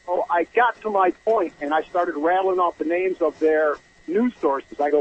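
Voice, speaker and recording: A man calling in to a radio show, telling a long story in a rambling, halting way and acting out the people in it. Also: high-pitched, breathy edge. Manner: rambling, halting, acts out voices in his story. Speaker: caller. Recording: muffled phone line on radio.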